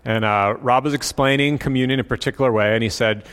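A male pastor telling a story in a sermon, in a relaxed, conversational way. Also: medium pitch, fast talker, clean tone.

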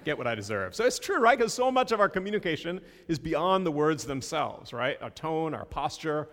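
A man's voice: fairly high pitch, big pitch swings, a little fast, a bit bright, big-room sound. A male pastor giving a sermon in a conversational way, with self-deprecating asides.

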